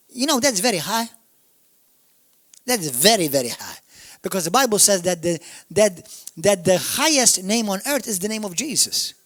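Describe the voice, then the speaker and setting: A man with a Maltese accent preaching a sermon, emphatic, swinging from shouts down to murmurs. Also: high voice, sing-song, moderate pace, no echo. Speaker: pastor. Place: church.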